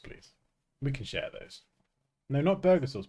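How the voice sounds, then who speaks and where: A man's voice: mid-range voice, big pitch swings, normal speed, darkish tone, breathy edge. A British man hosting a livestream, chatting casually and joking, often laughing. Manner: jokey, laughs a lot, drifts into silly accents. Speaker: livestream host.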